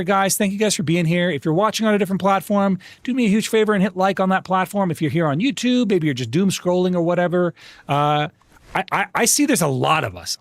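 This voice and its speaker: Man, gaming streamer, casual chatty talk, upbeat, repeats words, lively pitch. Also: dry recording. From United States. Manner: chatty and upbeat, restarts words often, calls people bro and dude. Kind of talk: casual live-stream chat while gaming.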